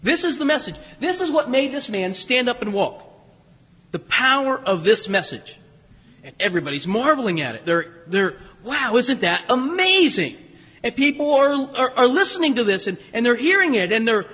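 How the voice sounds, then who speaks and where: Bright-voiced pastor preaching in a reverberant church. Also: male voice, very high voice, very animated, normal speed, breathy edge. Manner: conversational storytelling with humor and restarts. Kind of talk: sermon. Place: church sanctuary.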